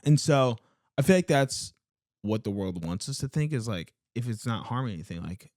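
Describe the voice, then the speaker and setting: A man's voice: medium pitch, very animated, moderate pace, darkish tone, no room sound, studio quality. A man co-hosting a podcast, talking earnestly in casual chat, leaning on fillers and emphatic turns. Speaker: podcast co-host.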